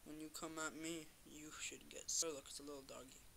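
Bright-voiced man joking through a game. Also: fairly high pitch, fairly quick, vocal fry, slight background noise. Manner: playful trash talk, excited repeated cries. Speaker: gamer commentator. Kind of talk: casual gameplay commentary.

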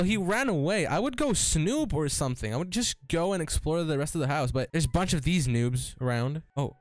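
Man, gaming commentary, animated rising and falling voice, nervous stammers, dry close sound. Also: a little high, dry recording. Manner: excitable, nervous laughter, stammering restarts. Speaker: gaming YouTuber. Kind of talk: let's-play commentary.

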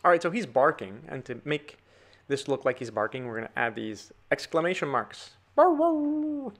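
A man's voice: mid-range voice, a little fast, creaky, fairly bright tone. A man giving a chatty drawing tutorial, talking to viewers as he sketches. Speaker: drawing teacher.

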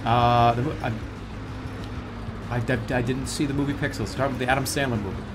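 A man streaming a video game, chatting in a rambling, excitable, self-mocking way. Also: mid-range voice, a little fast, noisy background. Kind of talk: casual live-stream commentary. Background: game music.

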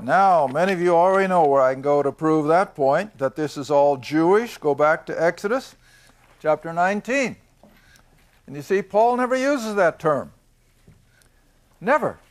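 An older man teaching a Bible lesson to a class. He reads verses slowly, asks questions and answers them himself, and stresses his points with emphasis. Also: on the high side. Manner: reads scripture slowly, then explains it.

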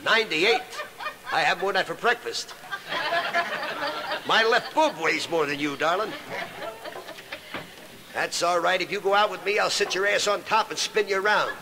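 A man doing a brash stand-up comedy routine with rapid-fire insult jokes. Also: high-pitched, background noise.

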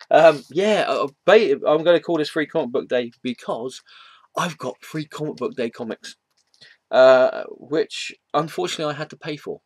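A man's voice: a little high, animated, moderate pace, a little mellow, no echo. A man chatting casually at home about comics, rambling with many fillers, restarts and self-deprecating asides. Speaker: comic book vlogger. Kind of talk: casual vlog chat. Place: home room.

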